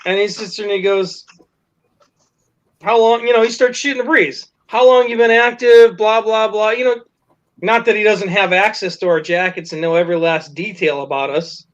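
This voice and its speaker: A man's voice: high-pitched, a little fast, a bit bright. A man telling a story casually to friends, laughing, swearing and acting out the quotes. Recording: dull lo-fi recording with faint noise.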